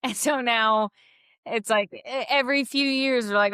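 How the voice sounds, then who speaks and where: A woman co-hosting a podcast, speaking in a thoughtful, measured way with hesitant restarts. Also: on the high side, pushed and bright, smooth, no echo, clean studio sound. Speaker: podcast co-host. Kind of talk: casual conversational chat.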